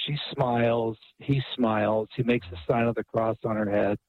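A man, an author and guest on a radio talk show, telling a story in an animated way and often repeating words. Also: mid-range voice, normal speed, narrow, tinny audio.

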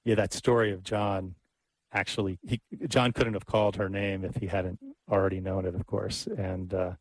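A man's voice: low voice, little pitch movement, moderate pace, low-quality recording. A man hosting an interview who asks long, winding questions. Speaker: host, interviewer. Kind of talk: interview conversation.

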